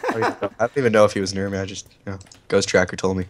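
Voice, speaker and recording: A man with a stuffy nose giving casual gameplay commentary, excitable and often swearing and laughing. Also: deep voice, rapid-fire, noisy background. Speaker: gaming channel host.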